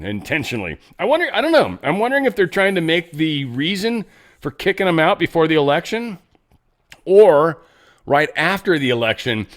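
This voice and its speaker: Hosting a relaxed political commentary program, this man has a somewhat high, slightly bright voice. His delivery wanders and restarts, peppered with cheeky jokes on the side.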